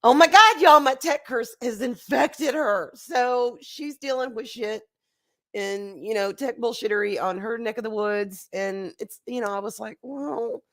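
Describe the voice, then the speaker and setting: A woman hosting a casual livestream, hoarse and congested from a recent flu, chatty and laughing as she greets her chat. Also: fairly high pitch, unhurried. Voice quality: nasal, congested. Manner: chatty, laughing, swings between loud bursts and quiet asides. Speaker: livestream host. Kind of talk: casual chat reading live chat.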